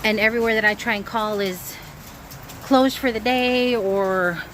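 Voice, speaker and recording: Woman vlogger, worried and talkative, shot on a phone outside with clear background noise. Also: mid-range voice, fairly even intonation, a little slow, fairly bright tone, poor audio. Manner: anxious, chatty storytelling. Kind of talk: casual vlog talking to camera. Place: outdoors by a grill. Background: wind and outdoor ambience.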